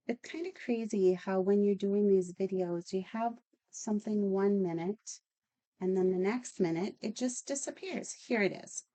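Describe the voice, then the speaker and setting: Slow-talking woman demonstrating card stamping. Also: mid-range voice, dark tone. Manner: chatty, enthusiastic, talks while working. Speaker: craft channel host. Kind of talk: casual stamping tutorial.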